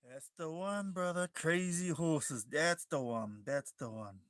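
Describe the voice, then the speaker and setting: A man's voice: fairly high pitch, lively intonation, a little slow, a bit bright, no room sound, studio quality. A man with a New Zealand accent chatting casually while he draws, laid-back and talkative, calling his listeners bro. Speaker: livestreaming artist. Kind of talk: casual chat while drawing.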